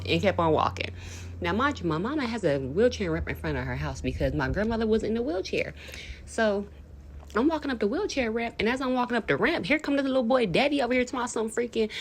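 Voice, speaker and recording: A woman's voice: fairly high pitch, very animated, a little fast. A woman, telling a dramatic storytime in slangy casual chat. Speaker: vlogger.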